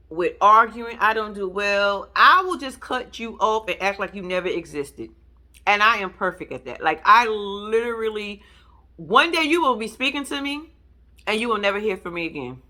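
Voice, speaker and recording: A woman recapping a reality show in a casual, blunt, swearing style, throwing her pitch up high for emphasis. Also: sharp tone.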